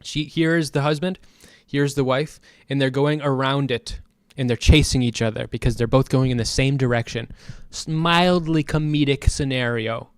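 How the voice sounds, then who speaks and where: A man's voice: medium pitch, fairly even intonation, normal speed, clear, resonant tone, dry recording, studio quality. A man streaming, chatting casually in a profane, ranting way. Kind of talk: casual chat.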